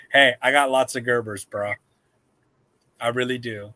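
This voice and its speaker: A man's voice: mid-range voice, fairly even intonation, unhurried, bright, forceful tone, dry recording. A man hosting a casual live-stream chat, rambling and joking with viewers. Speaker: host.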